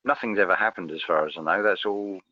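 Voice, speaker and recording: A man's voice: low voice, quick pace, no room sound, dull audio. A man in casual conversation as a guest, hesitant, often repeating words as he starts a thought.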